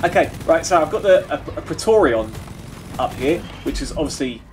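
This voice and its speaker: Male streamer: chatty, giggly, rambling, very animated delivery. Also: a little high, normal speed, slight background noise. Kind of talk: casual gameplay chat.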